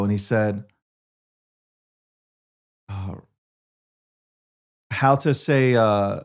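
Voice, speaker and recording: A man hosting a casual solo show, rambling, repeating himself and swearing offhand. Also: fairly low pitch. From New York. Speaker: show host.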